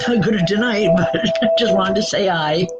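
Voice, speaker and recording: Woman host doing live readings, halting delivery, loud music underneath. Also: medium pitch, dull audio. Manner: halting, frequent restarts and self-corrections. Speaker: spiritual reader hosting a call-in show.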